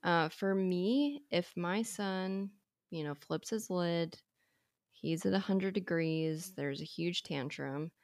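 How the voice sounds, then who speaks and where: Low, gravelly woman, podcast co-host. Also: slow pace, a little mellow, dry recording, studio quality. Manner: thoughtful, hesitant, many fillers. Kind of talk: casual parenting podcast chat.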